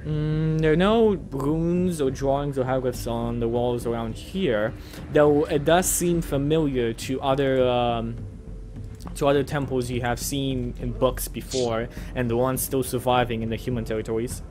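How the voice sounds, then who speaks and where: A man's voice: medium pitch, steady tone, normal speed, darkish tone. A man narrating a fantasy tabletop game as game master, describing rooms in an easygoing way. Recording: music playing behind.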